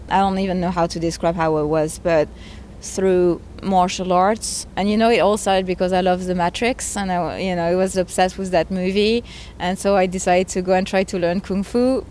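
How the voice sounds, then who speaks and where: Earnest lower-voiced woman. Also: darkish tone. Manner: earnest and emotional, speaks with conviction. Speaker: interviewee, game creator. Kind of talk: conversational interview. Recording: faint background noise.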